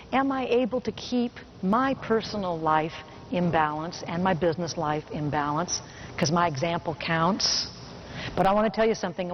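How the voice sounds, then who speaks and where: A middle-aged woman giving a motivational keynote speech to a business audience, telling a personal story and slowing down to stress key points. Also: on the low side. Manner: personal storytelling, slows down for emphasis. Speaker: motivational speaker. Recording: muffled recording with faint hiss.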